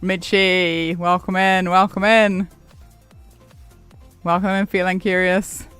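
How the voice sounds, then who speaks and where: A man's voice: sits high, flat delivery, slow, sharp tone, smooth. A man streaming a game, chatting casually and rambling, laughing often as he answers chat. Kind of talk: casual live-stream chat while gaming. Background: faint background music.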